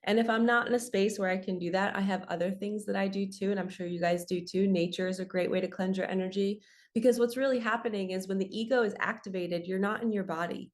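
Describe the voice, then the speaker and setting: A young woman talks straight to her viewers as a spiritual coach. Her tone is earnest and chatty, with a casual "you guys" and "like" running through it. Her voice sits at a middle pitch. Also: steady tone, fast. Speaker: spiritual coach and channel host. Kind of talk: solo motivational talk.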